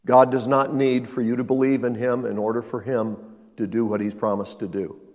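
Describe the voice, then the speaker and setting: A man's voice: medium pitch, level tone, moderate pace, darkish tone, in a large hall. A male pastor preaching a sermon, emphatic and repeating his key lines.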